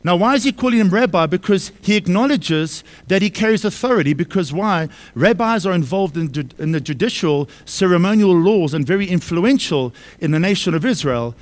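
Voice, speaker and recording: A man's voice: sits high, lively intonation, brisk, hardly any pauses. A man preaching a sermon to his congregation, emphatic, repeating key phrases and asking them questions. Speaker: pastor. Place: church service.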